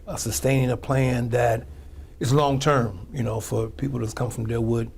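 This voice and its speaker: Gravelly-voiced St. mayor talking casually. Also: male voice, medium pitch, steady tone, moderate pace, darkish tone, slight background noise. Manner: conversational, with frequent restarts and fillers. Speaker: mayor, guest. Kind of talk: casual interview answers.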